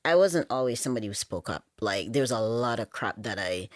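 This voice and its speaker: Very low-voiced Jamaican woman. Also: animated, a little fast, no room sound, studio quality. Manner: candid, frequent "you know" fillers. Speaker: podcast guest. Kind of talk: casual conversation.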